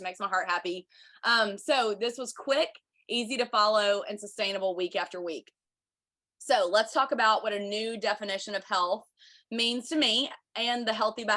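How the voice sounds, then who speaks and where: A woman's voice: mid-range voice, pushed and bright. Bubbly woman in her thirties. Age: 30s. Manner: bubbly, chatty, says y'all a lot. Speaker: podcast host. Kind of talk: livestream chat with viewers.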